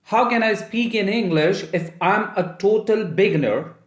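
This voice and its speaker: A man's voice: high-pitched, normal speed, roomy sound. A man hosting an English lesson, asking an AI assistant questions in a hesitant, informal way. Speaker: English teacher and channel host.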